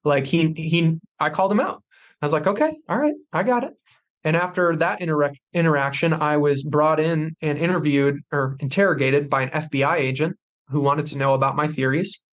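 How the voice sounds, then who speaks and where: A man's voice: fairly high pitch, fairly quick. A young man on a podcast, telling a personal story with intensity and acting out what others said. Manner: intense, animated retelling with acted quotes. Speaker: podcast guest.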